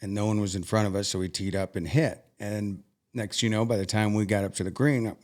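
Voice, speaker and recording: A young man earnestly recounting a personal story as an interview guest, halting and emotional at times. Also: lowish voice, steady tone, darkish tone.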